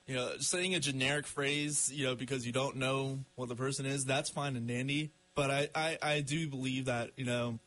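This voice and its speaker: A man's voice: medium pitch, fairly even intonation, moderate pace, few pauses, a bit bright, rough recording. A man co-hosting a casual radio chat, giving his opinions with lots of "you know" and "I mean".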